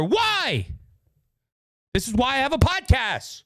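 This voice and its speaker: A man's voice: extremely high pitch, wildly swooping pitch, slow, no echo. A man with a Louisiana Cajun accent hosting his podcast, ranting in heated, angry political commentary. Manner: heated, yelling, repetitive. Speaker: podcast host.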